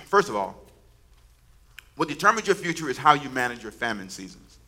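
A man's voice: mid-range voice, very animated, fast talker, bright, forceful tone. A man preaching a sermon, emphatic and repetitive, calling on the congregation to say lines back to him. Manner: preaching with call-and-response to the congregation; emphatic, repeats words and phrases. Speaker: pastor.

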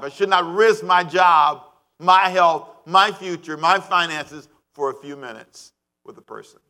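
A male pastor preaching a sermon, animated and calling on the congregation to answer back. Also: a little high, measured pace.

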